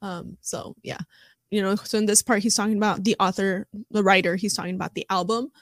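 A woman's voice: medium pitch, steady tone, fairly quick, no echo, studio quality. A woman streaming live, reading an article aloud and chatting about it with frequent laughs and fillers. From United States. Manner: chatty and giggly, laughs often, many fillers.

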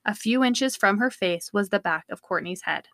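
A woman co-hosting a podcast, reading a true-crime book excerpt aloud in a steady, measured way on a close studio mic. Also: medium pitch, no room sound. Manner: steady, measured storytelling read. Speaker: podcast co-host.

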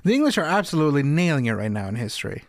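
A man co-hosting a comedy podcast, riffing with sarcastic jokes and animated outbursts. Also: a little high, very fast, no room sound, studio quality. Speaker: podcast co-host. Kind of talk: comedic casual banter.

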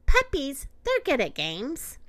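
A woman's voice: high-pitched, takes it slowly, heavily acted. A woman voicing an eager, playful female puppy who barks and thinks aloud in a storybook. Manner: excited barks and inner thoughts.

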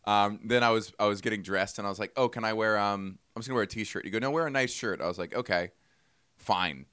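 A man's voice: lowish voice, fairly even intonation, fast, pushed and bright, clean tone, no echo, studio quality. A man co-hosting a podcast, casually telling a rambling story and acting out both sides of the conversation. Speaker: podcast co-host. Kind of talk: casual chat.

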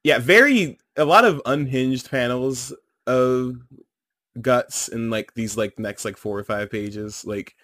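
A young man co-hosting a podcast, laid-back and quick to laugh as he chats casually about a manga. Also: medium pitch, a bit bright. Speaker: podcast co-host. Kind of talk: casual chat recapping a manga.

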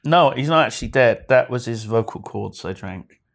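A man co-hosting a podcast, chatting in a lively, jokey and playful way. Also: mid-range voice, moderate pace, creaky. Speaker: podcast co-host. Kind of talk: casual chat.

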